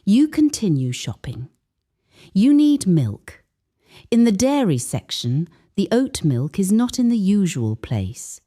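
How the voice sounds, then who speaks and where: A woman teaching an English lesson in a slow, clear, scripted way, reading example phrases with a higher lilt. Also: sing-song, warm tone.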